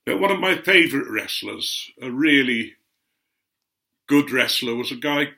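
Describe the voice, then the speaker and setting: Bright-voiced older man telling stories. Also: mid-range voice, lively intonation, measured pace, vocal fry. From Otley, Yorkshire, England. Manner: chatty and meandering, with gentle asides. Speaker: guest speaker recounting memories. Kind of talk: anecdotal storytelling.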